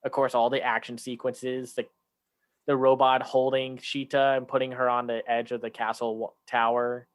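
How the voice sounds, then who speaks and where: A man's voice: mid-range voice, flat delivery, moderate pace. Chatty man, full of fillers. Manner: chatty, many fillers and restarts; acts out lines from a film in raised voices. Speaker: podcast co-host. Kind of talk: casual chat.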